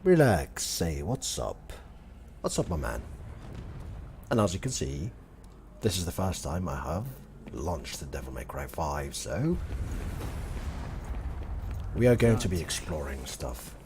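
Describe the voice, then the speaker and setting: Deep-voiced man streaming a game. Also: big pitch swings, unhurried, long pauses, a little mellow, slight background noise. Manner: chatty, greets chat viewers by name. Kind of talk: casual live gameplay commentary.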